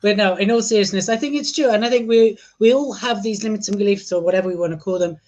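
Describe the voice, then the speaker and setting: A man hosting a podcast, joking and bantering between the serious points. His voice sits quite high for a man. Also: fast, a little mellow. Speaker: podcast host. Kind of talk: podcast conversation.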